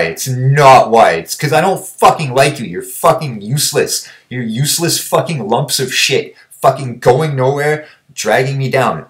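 A man's voice: mid-range voice, a bit bright. A young man vlogging, ranting bluntly and combatively, swearing constantly. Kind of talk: profane ranting monologue.

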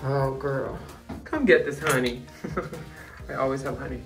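A man's voice: medium pitch, steady tone, a little slow, vocal fry, loud music behind the voice. A man in drag giving a campy, sassy backstage tour of theatre dressing rooms, quipping and laughing with castmates. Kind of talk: casual backstage vlog.

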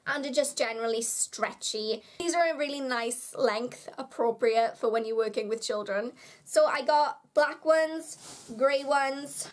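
Going through a shopping haul for her vlog, a young UK woman keeps the tone relaxed and talkative. Her pitch is high, her manner bubbly, and she readily pokes fun at herself.

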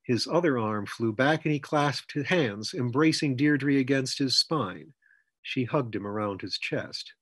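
A man narrating his own fantasy story in a measured reading voice. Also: mid-range voice, animated, fairly bright tone, slightly rough, no echo. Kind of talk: scripted narration.

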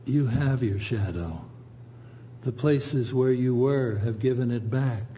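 A man giving a poetry reading, reciting in a slow, measured, even way. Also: mid-range voice, slight background noise. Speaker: poet.

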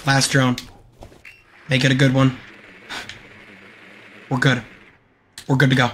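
A man streaming gameplay live, excitable and hyping himself up, repeating his phrases over and over. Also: mid-range voice, slow, a little hiss or hum. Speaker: game streamer.

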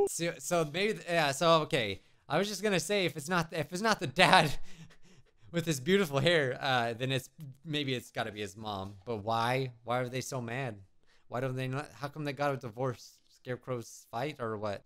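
A man's voice: medium pitch, normal speed, a bit bright, a little hiss or hum. A man giving playful, joking commentary while playing a video game. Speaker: gaming video host. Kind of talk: let's play commentary. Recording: game music behind.

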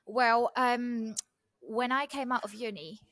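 A woman's voice: fairly high pitch, slow pace, fairly bright tone, dry recording. A woman from Argentina whose first language is Spanish, speaking English with a British accent. She is a translator, chatting as a guest in an interview, with many fillers and restarts. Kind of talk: casual interview conversation.

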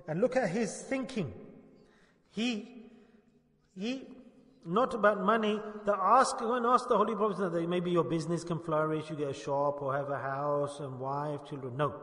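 A man's voice: fairly high pitch, fairly bright tone. A man preaching a sermon to a gathering, emphatic and repeating his key points. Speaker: Sufi preacher. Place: gathering hall. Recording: echoey hall, long reverb.

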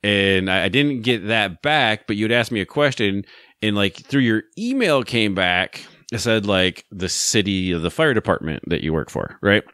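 A man's voice: fairly low pitch, very animated, moderate pace, a bit bright, no echo, clean studio sound. A man hosting a podcast, telling a story in a casual, rambling way with many fillers and restarts. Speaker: podcast host.

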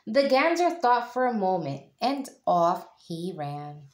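A woman, a teacher, reading a children's picture book aloud in an expressive way. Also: mid-range voice. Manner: slow, expressive storytelling. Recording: echoey room.

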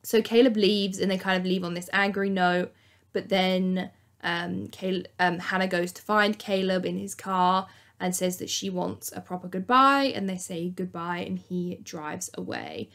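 A young woman hosting a casual, chatty TV recap, acting out quotes in an animated way. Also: fairly low pitch, a little slow. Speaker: YouTube host.

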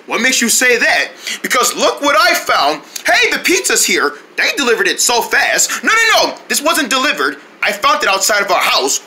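A voice actor performing every character in a comedic cartoon skit, switching between voices with excitable shouting outbursts. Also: medium pitch, moderate pace, slight background noise. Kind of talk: comedic cartoon voice acting with parody ads.

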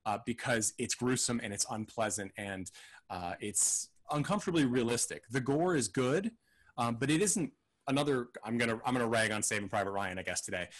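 This man sounds like a podcast co-host picking apart a movie. He thinks out loud, circling back with plenty of ums and restarts. His pitch sits at an ordinary middle. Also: brisk. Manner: rambling, hesitant, thinks aloud with many fillers. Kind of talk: casual film discussion.

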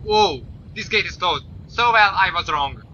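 A man doing let's-play commentary, swearing often and yelling at the game. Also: high-pitched, lively intonation, measured pace. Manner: swears a lot, yells at the game. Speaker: gaming YouTuber. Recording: slightly dull lo-fi mic with faint noise.

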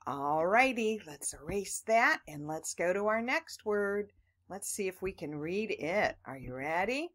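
A woman's voice: medium pitch, expressive, measured pace, a bit bright. A woman teaching children phonics, patiently sounding out words letter by letter and talking to the class as boys and girls.

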